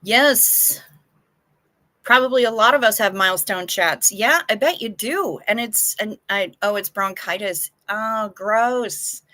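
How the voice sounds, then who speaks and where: A woman's voice: medium pitch, expressive, normal speed, few pauses, bright, forceful tone. A woman hosting a casual live stream, chatting frankly with viewers and swearing now and then, sounding anxious.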